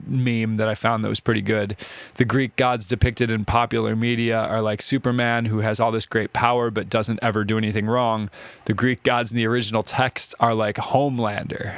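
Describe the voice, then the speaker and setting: A man's voice: mid-range voice, no echo. A man giving a casual classroom ethics lecture, chatty and conversational, often checking in with "right?". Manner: chatty, conversational, uses filler words like "right?" and "like".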